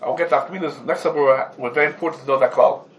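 A man's voice: mid-range voice, fairly even intonation, rapid-fire, low-quality recording. A man teaching a religious law class to students, laying out cases through rhetorical questions and Hebrew terms mixed into English. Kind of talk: Talmudic law lesson.

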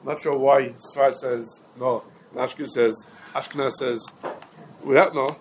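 A man's voice: medium pitch, steady tone, measured pace. A man giving a halachic lesson, talking through the sources in a meandering, conversational way and mixing in Hebrew and Yiddish terms. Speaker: Torah teacher. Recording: echoey room with faint ambient noise.

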